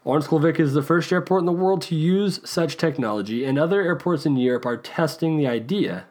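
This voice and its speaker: A man's voice: fairly high pitch, brisk, a little mellow. A young American man hosting a podcast, talking casually on his own with a chatty, self-deprecating manner and frequent restarts. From United States. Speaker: podcast host. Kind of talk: casual solo podcast talk.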